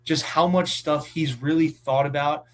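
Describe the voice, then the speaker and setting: A young man around twenty from southeastern Pennsylvania, a college ballplayer telling stories in a relaxed chat, full of fillers. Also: a little high, normal speed. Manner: relaxed storytelling with many fillers. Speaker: college baseball player, guest. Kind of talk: casual chat.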